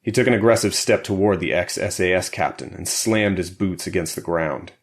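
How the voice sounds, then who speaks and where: A man narrating an action thriller audiobook in a steady, measured way. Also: sits low, vocal fry. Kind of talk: scripted narration.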